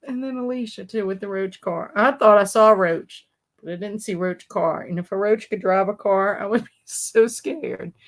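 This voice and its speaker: A woman's voice: mid-range voice, moderate pace. A woman hosting a casual live stream, reading chat comments aloud and breaking into laughing fits. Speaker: livestream host.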